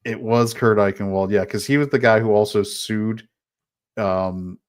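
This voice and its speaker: A man's voice: fairly low pitch, fairly even intonation, a little slow. A man chatting casually on a podcast, making amused asides.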